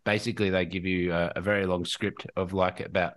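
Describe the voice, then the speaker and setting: A man's voice: sits low, level tone, fairly bright tone. An older man, a voice actor guest chatting casually on a comedy podcast, full of restarts and laughter. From England and Australia. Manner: halting, many restarts, laughs often.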